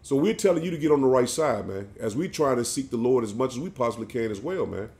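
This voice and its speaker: A man's voice: medium pitch, animated, fast talker, a little mellow. A man preaching an emphatic sermon, often ending his phrases with "man". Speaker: street preacher.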